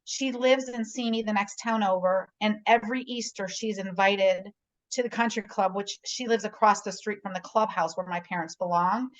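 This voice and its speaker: A woman's voice: mid-range voice, fairly even intonation, normal speed, lo-fi sound. Chatty middle-aged woman on a video call. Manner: chatty storyteller, often asks "right?". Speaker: guest realtor. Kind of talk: casual conversation.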